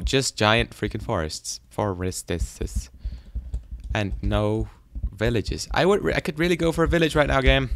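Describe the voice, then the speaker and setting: Low-voiced man rambling through game commentary. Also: lively intonation, moderate pace, a bit bright. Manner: rambling, goofy, self-deprecating, talks to animals. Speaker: gaming YouTuber.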